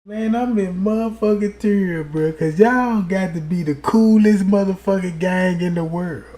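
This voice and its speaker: A man's voice: high voice, measured pace, mellow. A man from the United States telling stories to his livestream chat in a loose, profane way, laughing often and checking in with his listeners. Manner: keeps asking "you know what I'm talking about". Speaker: livestream host. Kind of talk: casual livestream storytelling to chat.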